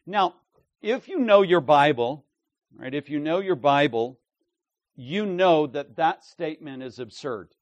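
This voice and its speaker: A man's voice: on the high side, expressive, unhurried, dry recording, dull audio. A man preaching an expository sermon, emphatic, checking in with his listeners and acting out the quoted lines.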